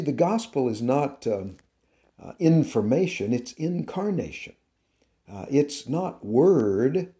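A man giving a devotional teaching talk on his podcast, slow and deliberate, with an emphatic preaching cadence. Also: medium pitch, dark tone. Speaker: podcast host and Christian teacher.

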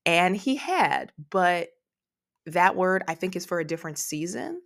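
A woman's voice: on the low side, sing-song, a little slow, creaky. A woman preaching a devotional podcast sermon, emotional and tearful, praying aloud between her points.

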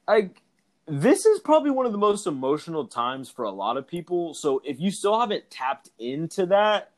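A young man co-hosting a podcast, chatting candidly and profanely, laughing often. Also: medium pitch. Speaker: podcast co-host. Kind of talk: casual chat.

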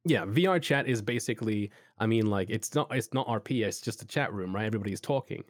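A man chats casually as a podcast co-host, his talk full of "like" and "you know" as he eagerly hands out advice. His voice sits a little low. The sound is dry, with no room around it. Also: quick pace, dry recording. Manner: rambling, heavy use of "like" and "you know"; enthusiastic, advice-giving. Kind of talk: casual chat.

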